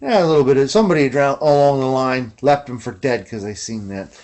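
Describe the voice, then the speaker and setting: A laid-back man rambles through a casual video journal on an old guitar, steadily dropping "man" and "you know what I mean" as he goes. His voice sits at an ordinary middle pitch, and his talk is loose and unhurried. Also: a little mellow. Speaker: guitar collector and video host.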